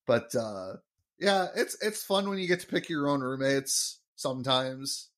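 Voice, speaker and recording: A man's voice: medium pitch, expressive, a little slow, a bit bright. A young man hosting a podcast, rambling casually through an episode recap with fillers and laughs. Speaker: podcast host.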